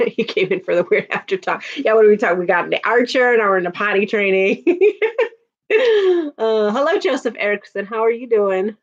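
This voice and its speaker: A woman's voice: mid-range voice, lively intonation, moderate pace. A woman in her thirties chatting casually on a livestream, laughing often and answering viewers' comments. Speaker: livestream host. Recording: dull lo-fi audio.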